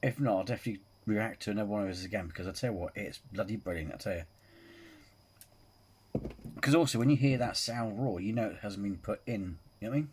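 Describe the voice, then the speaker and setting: A man's voice: fairly low pitch, fast talker, a little mellow, slight background noise. A man hosting a reaction video, rambling casually, repeating filler phrases and swearing freely. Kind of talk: casual chat.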